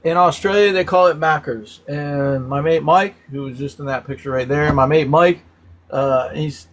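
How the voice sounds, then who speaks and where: A man's voice: fairly high pitch, normal speed. A man hosting a casual live stream, animatedly explaining slang terms one by one and laughing often.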